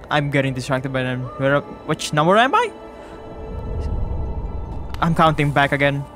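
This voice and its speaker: A man giving casual let's-play commentary, rambling and easily sidetracked, with self-mocking laughs. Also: on the high side. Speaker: gamer. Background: game music.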